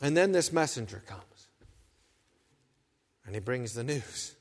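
Earnest preacher with hall reverb. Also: male voice, mid-range voice, lively intonation, unhurried, pauses often. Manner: earnest preaching, voicing anguished questions. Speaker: pastor. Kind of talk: sermon with scripture reading.

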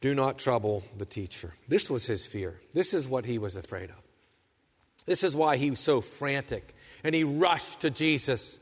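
Earnest preacher with hall reverb. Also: male voice, medium pitch, expressive, normal speed. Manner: earnest preaching, voicing anguished questions. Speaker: pastor. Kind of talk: sermon with scripture reading.

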